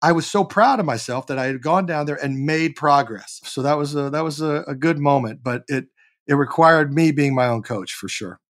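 Fifties guy telling comedy stories, swears a lot, slightly high voice. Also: normal speed. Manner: animated, profane, barks when reenacting. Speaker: guest, actor and comedian. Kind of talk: casual storytelling interview.

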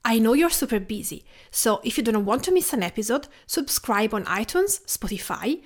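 A woman from Tuscany with an Italian accent, hosting her podcast in a gentle, reflective scripted narration. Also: on the high side, expressive, moderate pace, hardly any pauses. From Tuscany, Italy. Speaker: podcast host.

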